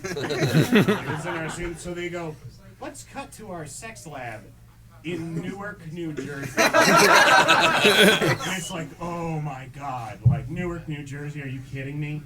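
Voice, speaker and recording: A young man doing stand-up comedy, telling stories in a deadpan way and acting out both sides of each exchange. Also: a little high, slow pace, over a noisy crowd. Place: small theatre stage. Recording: distant mic with audience laughter.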